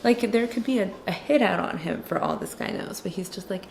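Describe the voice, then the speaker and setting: A woman's voice: medium pitch, a little fast, gravelly, darkish tone, slight background noise. A woman chatting casually and sarcastically about a movie while she draws, with lots of "like". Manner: sarcastic, chatty, heavy use of "like". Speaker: illustrator and movie commentator. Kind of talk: casual chat while drawing.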